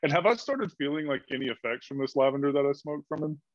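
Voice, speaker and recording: Male player, quick and laid-back, slightly dull lo-fi recording. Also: on the high side, animated, no echo. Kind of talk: casual tabletop role-play.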